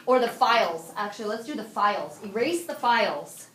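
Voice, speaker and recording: A woman teaching a high school Spanish class, quizzing her students and repeating their answers back to them. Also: animated, moderate pace, a bit bright. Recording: echoey classroom from far off.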